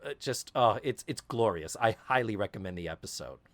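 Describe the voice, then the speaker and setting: A man co-hosting a podcast, chatting casually and telling stories with animated voice impressions. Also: a little fast, dry recording. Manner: animated storytelling, mimics accents and voices with big pitch jumps. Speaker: podcast co-host. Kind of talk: casual chat.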